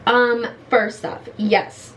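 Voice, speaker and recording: A woman's voice: a little high, level tone, very slow, a bit bright, a little hiss or hum, rough recording. A woman in her late thirties doing a casual makeup review at home in her bedroom, talking frustrated and blunt. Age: late 30s. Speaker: beauty vlogger.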